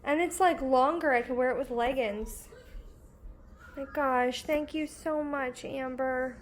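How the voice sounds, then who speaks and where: Young female vlog host, high-pitched, effusive, slow and drawn-out delivery. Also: a little hiss or hum. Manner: gushing, effusive, exclamatory. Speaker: knitting podcast host. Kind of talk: excited casual vlog chat.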